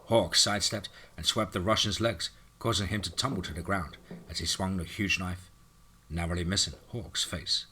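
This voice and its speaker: Deep, bright male storyteller for dramatic horror narration. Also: fairly even intonation, normal speed, a little hiss or hum.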